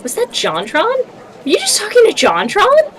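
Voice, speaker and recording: Woman doing a gushing, excitable schoolgirl. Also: mid-range voice, a little fast, natural voice, low-quality recording. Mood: excited. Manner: gushing and breathless with questions. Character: excitable gossipy schoolgirl best friend.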